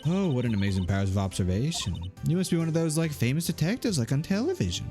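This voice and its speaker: A man's voice: on the high side, big pitch swings, quick pace, a little mellow, faint music behind, pitched above the performer's own voice. A man voicing a coy, teasing young woman witness in a game, with a giggly sing-song manner.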